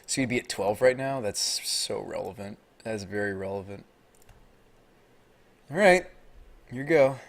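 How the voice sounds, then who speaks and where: An American man calls his own card game live, chatting loosely with his viewers. When the match turns, he gets loud and shoots up in pitch, pleading at his opponent. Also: moderate pace, vocal fry, long pauses. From United States. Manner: excitable, talks to chat and opponent, gets loud and high when tense.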